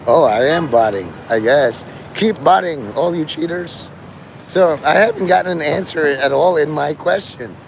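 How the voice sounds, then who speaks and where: A man's voice: on the high side, moderate pace, slight background noise. A man rambling and swearing on a live stream from a city street, talking to his chat in a strained voice he says is normal for him. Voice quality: gravelly, strained voice he calls his normal one. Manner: rambling, profane, free-associating, talks to chat. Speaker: livestreamer.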